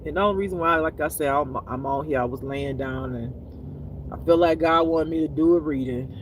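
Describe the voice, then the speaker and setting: A man's voice: a little high, fairly quick, a little hiss or hum. Tired, chatty man on a phone live stream. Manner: chatty, animated, laughs often, addresses viewers as y'all and baby. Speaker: spiritual reader streaming live. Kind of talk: casual live-stream chat.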